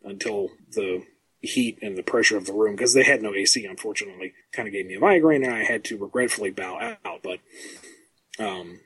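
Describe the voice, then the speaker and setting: A man who writes comics, talking as a podcast guest in a measured, self-deprecating way with frequent ums. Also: lowish voice, fairly bright tone. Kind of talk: casual podcast chat.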